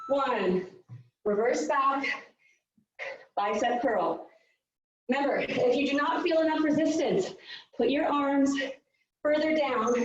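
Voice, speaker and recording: A woman's voice: high voice, very echoey, distant mic, dull audio, a little hiss or hum. A woman fitness coach leading a live workout, out of breath, upbeat and counting down the reps.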